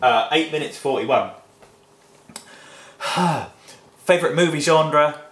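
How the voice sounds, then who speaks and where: A man's voice: a little high, slow pace, a bit bright. A man from England answering viewer questions in a blunt, sweary, chatty vlog. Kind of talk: casual Q&A vlog. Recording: echoey room.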